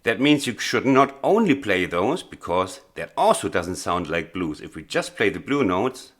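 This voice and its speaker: A lowish-voiced man leads a blues piano lesson. He explains patiently and with emphasis, urging his students on. Soft piano notes sit quietly behind his speech. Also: big pitch swings, normal speed. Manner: earnest, emphatic, encouraging, with hesitations. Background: faint piano playing.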